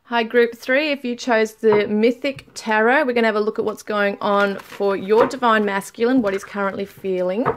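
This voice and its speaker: A woman with a steady, mid-range voice gives viewers a casual tarot reading, chatting and laughing a lot. When she reads the card messages aloud, she takes them slowly.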